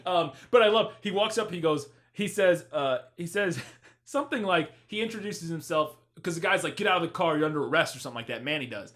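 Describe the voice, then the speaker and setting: A young man co-hosting a podcast, reviewing a movie in casual comedic chat, laughing often and sounding animated and exasperated. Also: fairly high pitch, fairly quick. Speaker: podcast co-host.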